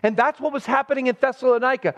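A man's voice: extremely high pitch, steady tone, fast talker. A man preaching an expository sermon as pastor. He speaks emphatically and poses rhetorical questions to his listeners. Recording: dull lo-fi recording.

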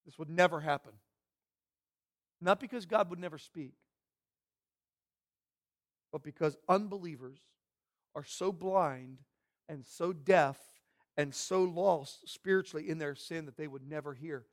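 A man preaching a sermon, swinging from hushed, almost whispered lines to loud, emphatic bursts. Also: on the high side, unhurried, pauses often. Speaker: pastor.

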